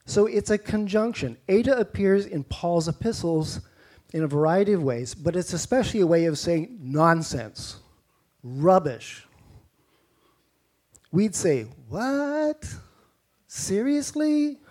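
A man's voice: fairly high pitch, expressive, unhurried, a little mellow. A man with a Canadian accent preaching a sermon in a conversational way, with rhetorical questions and mock-incredulous asides.

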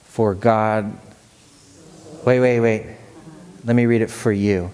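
A male pastor preaching a sermon in a church, energetic and casual, playfully urging the congregation to join in. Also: lowish voice, slow pace, long pauses, smooth.

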